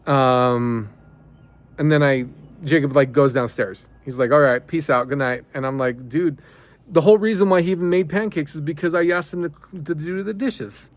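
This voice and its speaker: A man's voice: on the high side, moderate pace. A man vlogging, telling a family story in a loose, rambling way with plenty of fillers and restarts. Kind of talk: casual storytelling monologue.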